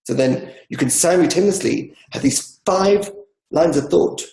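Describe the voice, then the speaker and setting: Gravelly man teaching a discussion class. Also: on the high side, lively intonation, a little slow, mellow, roomy sound, low-quality recording. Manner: explains with examples, acts out inner dialogue.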